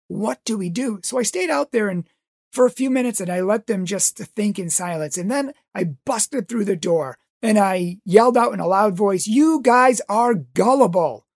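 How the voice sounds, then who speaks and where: A man's voice: sits high, normal speed, vocal fry, darkish tone, no echo, clean studio sound. A man who teaches religious education tells a story with passionate pleading and acts out voices. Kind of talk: impassioned storytelling talk.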